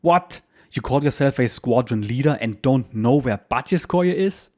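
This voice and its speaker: A man's voice: on the low side, fairly quick, lightly acted. A man putting on a yapping angry wing commander. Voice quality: yapping, gruff.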